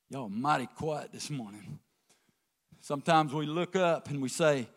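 A man preaching a folksy sermon, swinging from quiet asides to emphatic calls to the congregation. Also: medium pitch, normal speed. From American South. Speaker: pastor.

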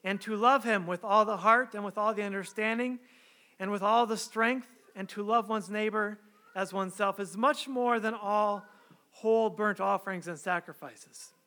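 A man's voice: high-pitched, normal speed, bright, forceful tone. A man preaching a sermon, reading scripture aloud, praying, then speaking in an earnest, conversational way with rhetorical questions. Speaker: pastor.

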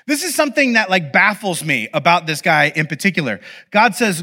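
A male pastor with a high, bright voice gives a relaxed, conversational sermon. He tells the story in an animated, playful way and keeps breaking off for asides to his listeners. His tone stays bright and his delivery stays lively. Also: fast talker, hardly any pauses.

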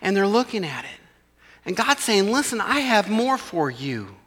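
A man's voice: high-pitched, big pitch swings, normal speed, fairly bright tone, in a large hall. A man, preaching a sermon in a church in a conversational way and acting out the voices of his listeners. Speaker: pastor.

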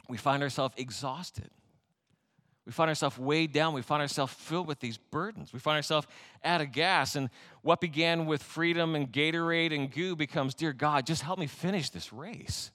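A man's voice: fairly high pitch, fairly bright tone. A man preaching a sermon as a pastor, emphatic and full of rhetorical questions, with touches of light humor.

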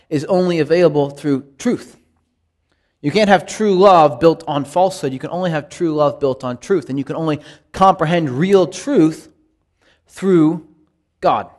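A man teaching a Bible study in a conversational sermon style, earnest and emphatic, with lively rises when quoting scripture. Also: fairly high pitch.

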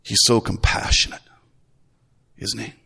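A middle-aged man, a grandfather, preaching a Sunday sermon in a relaxed, folksy way, full of restarts. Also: a little slow. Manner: conversational, folksy, with repeated restarts. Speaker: pastor. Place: church. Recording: long reverb of a church hall.

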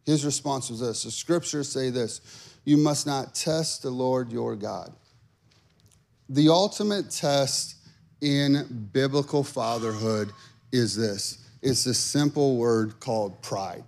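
A man's voice: medium pitch, slow, creaky, a little mellow. A man in his thirties preaching a sermon, telling stories with lots of fillers and building to emphatic calls. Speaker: pastor.

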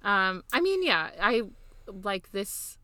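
A young woman chats on a podcast with a bright, forward tone, recorded dry and close. She talks quick and sardonic, tossing in swears. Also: medium pitch, big pitch swings, no room sound. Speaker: podcast co-host. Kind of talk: casual chat.

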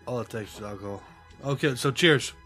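A man trading jokes on a casual podcast, laughing easily and swearing now and then, his voice at a middle pitch. Faint music plays behind him. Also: brisk, pushed and bright. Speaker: podcast co-host. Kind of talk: casual chat.

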